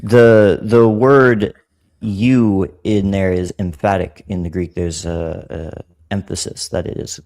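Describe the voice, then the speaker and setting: A man explaining Bible passages in a casual study group, slowly repeating and restating his points. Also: sits low, steady tone, darkish tone. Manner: slow, repetitive explaining with restarts.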